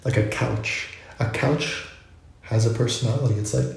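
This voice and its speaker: A man's voice: medium pitch, fairly even intonation, normal speed, creaky. A man vlogging, musing in a loose, rambling way full of asides. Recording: very echoey room.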